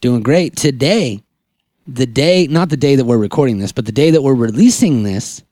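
A man's voice: mid-range voice, expressive, normal speed, warm tone, dry recording, studio quality. A man in his thirties hosting a podcast, chatting casually and joking with frequent laughs. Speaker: podcast host.

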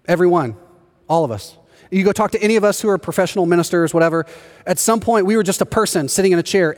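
A man preaching a sermon as pastor, telling stories with animated delivery and acting out the voices of the people in them. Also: a little high. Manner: animated storytelling, acts out quoted voices. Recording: long hall reverb.

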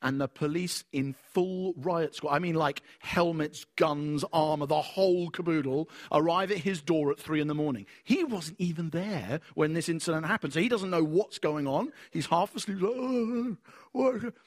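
A man preaching a sermon, telling stories in an animated way and acting out the voices of the people in them. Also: on the high side, normal speed, few pauses.

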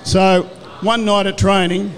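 An older Australian man with a notably high voice tells rambling stories from his playing days. He slips into the back-and-forth of old conversations as he goes, in an easy, casual way. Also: flat delivery, unhurried, big-room sound. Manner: rambling storyteller who acts out quoted exchanges. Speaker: former rugby league player, guest. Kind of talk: casual anecdote telling.

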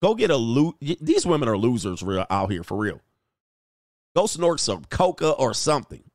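Male streamer, mid-pitched, blunt and crude, mocking tone, dry close mic; reads chat comments. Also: very animated, moderate pace, no room sound. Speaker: host of a live stream. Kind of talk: casual live-stream commentary, reading chat.

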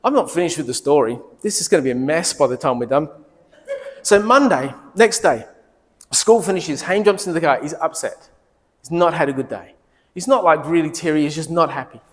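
A middle-aged male pastor preaching, telling personal stories in a conversational, animated way with quoted dialogue. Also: on the high side, brisk, big-room sound.

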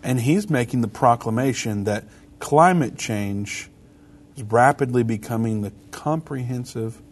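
Male co-host, husky, easygoing chat delivery, reads quotes aloud. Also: mid-range voice, a little slow. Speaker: podcast co-host. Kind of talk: casual religious talk show.

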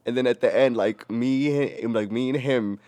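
A young man co-hosting a casual podcast, telling a rowdy story with lots of profanity and loud acted-out quotes. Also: mid-range voice, moderate pace, no echo. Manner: animated, profane, acts out quotes in a raised voice. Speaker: podcast co-host.

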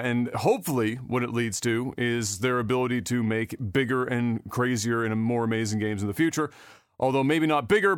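A man's voice: mid-range voice, no echo, clean studio sound. A man hosting a casual gaming news podcast, sarcastic and offhand, swearing freely, with many fillers and restarts. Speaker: podcast host.

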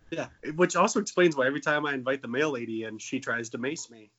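A man's voice: mid-range voice, animated, moderate pace, a bit bright, dull audio. A man in his late twenties, joking and swearing in a casual comedic chat as a podcast co-host. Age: 20s. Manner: jokey, profane, playful.

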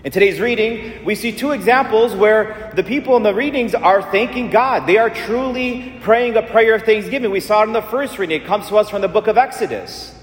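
A high-voiced man preaches a Catholic sermon with earnest repetition. His words ring out in a roomy church with a long reverb tail. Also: brisk, hardly any pauses. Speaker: Catholic priest.

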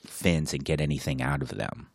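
A man's voice: very deep voice, gravelly, dry recording, clean studio sound. A male podcast co-host talking casually and reflectively, drawing out his points. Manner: reflective, drawn-out emphasis. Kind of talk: casual chat.

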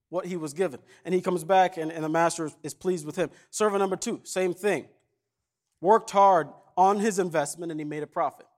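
A man preaching a sermon as pastor, retelling a parable in a casual conversational way and acting out the characters' lines. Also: sits high. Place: church.

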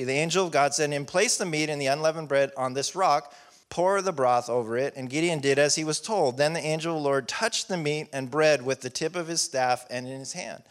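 A man preaching a sermon in a casual, conversational way, reading scripture and acting out prayers. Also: mid-range voice.

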